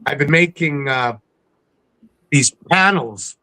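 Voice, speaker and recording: A man from coastal British Columbia, a podcast guest telling stories in a casual interview, animated and acting out the people he quotes. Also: on the high side, takes it slowly, poor audio. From coastal British Columbia, Canada.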